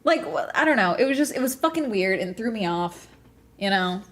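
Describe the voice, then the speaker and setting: A young adult woman streaming and chatting casually, telling stories in a profane, animated way with many restarts. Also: mid-range voice, fairly quick. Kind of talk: casual livestream chat.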